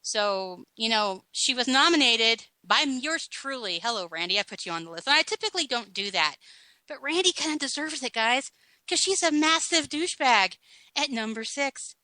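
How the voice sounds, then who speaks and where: A woman's voice: on the high side, expressive, moderate pace, bright, forceful tone, no echo, poor audio. A middle-aged woman hosting a podcast, giving sarcastic, mocking countdown commentary. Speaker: podcast host.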